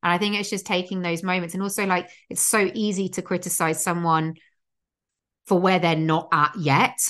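A young woman with a low voice hosts a casual podcast. She rambles through her thoughts, full of fillers and restarts. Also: fairly even intonation, moderate pace, fairly bright tone. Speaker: podcast host. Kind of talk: casual chat.

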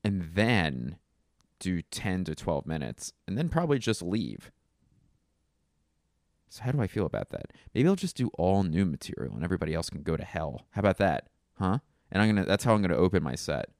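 A man's voice: low voice, very animated, fairly quick, no echo, studio quality. A man hosting a solo comedy podcast, rambling through wry, self-mocking tangents.

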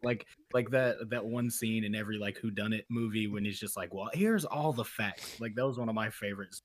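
Low-voiced man in casual chat. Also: flat delivery, quick pace. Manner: rambling, many fillers and acted quotes. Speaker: podcast co-host.

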